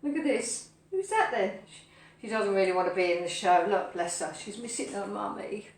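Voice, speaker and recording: A woman's voice: mid-range voice, expressive, normal speed. A woman hosting a casual live cooking show, chatting playfully with viewers and her dogs as she cooks. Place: home kitchen. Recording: echoey kitchen with faint noise. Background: frying and sizzling food.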